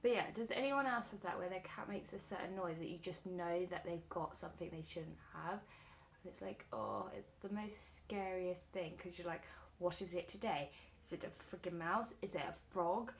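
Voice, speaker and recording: A woman beauty vlogger chatting casually while doing her makeup, telling an animated story full of fillers. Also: lowish voice, moderate pace, slight background noise.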